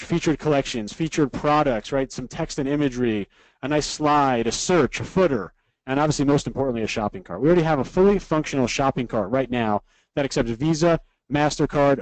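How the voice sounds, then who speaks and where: A man's voice: medium pitch, darkish tone, dry recording, poor audio. A man teaching a live online webinar, walking through steps in an upbeat way and ending nearly every point with "right?". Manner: reads out viewer comments from a live chat. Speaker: online course instructor.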